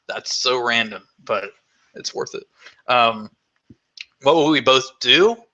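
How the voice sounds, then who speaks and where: A man's voice: mid-range voice, slow, pushed and bright, lo-fi sound. A man vlogger hosting a live Q&A, chatting casually in a rambling, enthusiastic way with lots of fillers.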